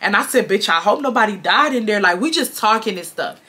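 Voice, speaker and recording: A woman in her twenties from Houston, telling a storytime to her viewers in a chatty, animated way and calling them y'all. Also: medium pitch, brisk, slightly rough. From Houston, Texas. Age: 20s. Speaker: storytime vlogger.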